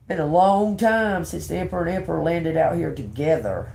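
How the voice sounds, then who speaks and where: An older woman doing a live tarot reading, talking slowly and bluntly with swearing, repeating words as she reads the cards aloud. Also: lowish voice, creaky, mellow. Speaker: tarot reader.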